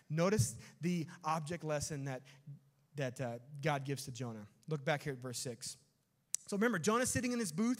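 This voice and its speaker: A man preaching a sermon as pastor, animated and storytelling, with sudden rising bursts of energy. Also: a little high. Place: church sanctuary. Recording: long church hall reverb.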